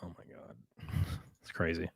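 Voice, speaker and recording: A man's voice: normal speed, fairly bright tone, dry recording, studio quality. A man hosting a casual livestream, reading viewer comments and joking around with a rambling, swearing manner. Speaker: livestream host and race car driver.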